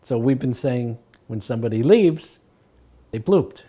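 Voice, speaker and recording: Older man telling stories, mellow voice. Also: mid-range voice, animated, normal speed, husky. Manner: acts out quoted voices, chuckles between stories. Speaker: devotee recalling memories. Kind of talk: anecdotal storytelling.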